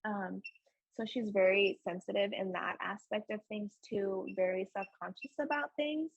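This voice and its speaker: A young woman speaking as a podcast guest, earnest and emotional in candid conversation, with a husky voice. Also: mid-range voice, normal speed, dry recording, dull audio. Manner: earnest and emotional, frequent fillers and laughs.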